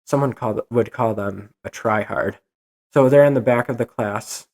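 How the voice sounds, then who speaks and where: Young guy ranting solo on his podcast, fired up and exasperated, mid-pitch voice. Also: normal speed, darkish tone. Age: young adult. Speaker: podcast host.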